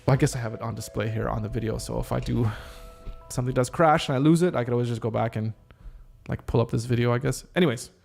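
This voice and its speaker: A man's voice: medium pitch, fairly even intonation, fast talker, vocal fry, darkish tone, faint music behind. A man hosting a podcast, reading draft lines of a script aloud, stopping often to rethink and reword them. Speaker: podcast host. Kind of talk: casual solo script rehearsal.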